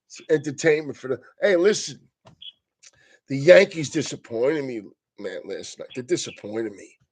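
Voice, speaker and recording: A man with a high, husky voice rants casually like a comedian. He swears constantly and laughs his way through his sentences. The delivery is loose, animated and profane.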